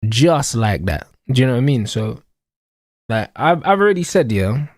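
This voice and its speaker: A young man with a London accent rants casually about football on a live stream. He talks in slang and keeps circling back to his catchphrases. His voice sits in a middle pitch and sounds dry and close. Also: big pitch swings, a little fast, no room sound. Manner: slangy, emphatic, repetitive.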